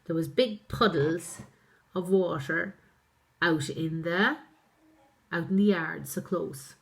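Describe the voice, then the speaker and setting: A woman's voice: fairly low pitch, slow, creaky. A woman, a primary school teacher reading a story aloud and explaining each phrase in plain terms. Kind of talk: reading and translating a story for pupils.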